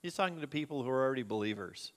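A man's voice: medium pitch, expressive, very fast. A man preaching a sermon as a pastor, earnest and conversational, asking the congregation questions. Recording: long hall reverb.

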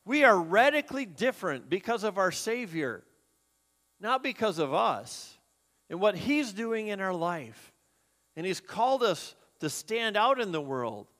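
A man's voice: sits high, sing-song, a little slow, a bit bright. A man preaching a sermon as a pastor, earnest and conversational, asking the congregation questions. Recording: long hall reverb.

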